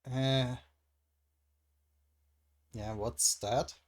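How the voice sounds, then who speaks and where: A man's voice: medium pitch, fairly even intonation, drawn-out words. A man reading a comic aloud and commenting as he goes, musing and hesitant, with frequent restarts. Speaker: comic readthrough host.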